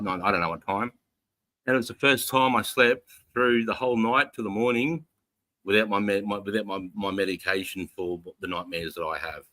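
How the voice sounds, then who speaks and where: A middle-aged man, hosting a live show and telling a profane, animated story full of acted-out quotes. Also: on the low side, no room sound. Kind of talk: casual storytelling.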